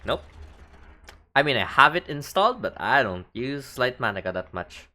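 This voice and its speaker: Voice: medium pitch, very animated, normal speed, pushed and bright. A streamer from the Philippines with a Filipino accent, chatting casually and thinking aloud while building in a game.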